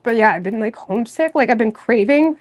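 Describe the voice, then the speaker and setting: A woman's voice: on the high side, expressive, fairly quick. Chatty rambling woman from Nova Scotia. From Nova Scotia, Canada. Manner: rambling, candid and chatty, with frequent fillers and soft laughs. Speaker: tarot reader and channel host. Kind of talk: casual livestream chat.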